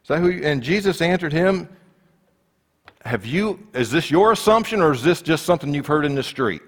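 A man's voice: fairly high pitch, animated, a little fast, big-room sound. A man preaching a conversational sermon, acting out the voices of the people in the story.

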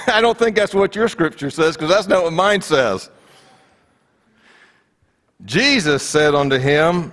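A man's voice: sits high, normal speed, fairly bright tone, in a large hall. A man preaching a conversational sermon, acting out the voices of the people in the story.

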